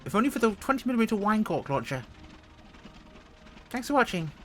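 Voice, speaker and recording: A woman's voice: mid-range voice, very animated, a little fast, fairly bright tone, faint music behind. A woman at home giving casual, joking, self-mocking commentary as she reviews a flight sim.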